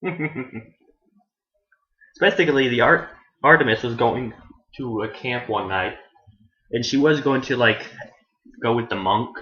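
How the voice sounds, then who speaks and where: A man's voice: unhurried, pauses often. A man giving a casual, rambling anime review, often correcting himself and swearing as he goes. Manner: meandering, self-correcting, profane; acts out characters in shrill voices. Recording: echoey room, dull lo-fi sound.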